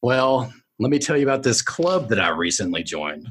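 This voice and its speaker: A man's voice: mid-range voice, very animated, moderate pace, a bit bright, breathy edge, pitched above the performer's own voice. A man voicing a woman novelist with a nasal voice, who talks in a chatty, rambling way full of filler words. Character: female novelist back in her hometown.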